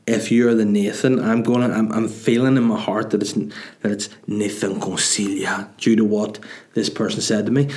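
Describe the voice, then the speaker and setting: A man's voice: lowish voice, a little mellow. A Northern Irish man hosting his own podcast, chatting in a rambling, jokey, sweary way. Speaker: podcast host and comedian. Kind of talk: casual solo podcast chat.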